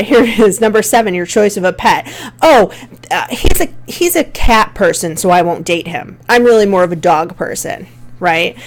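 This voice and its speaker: Chatty Buffalo woman lecturing on a play. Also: medium pitch. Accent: Western New York (Buffalo). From Buffalo, New York. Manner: conversational, many fillers, reads examples aloud. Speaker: college English teacher. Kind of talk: recorded lecture.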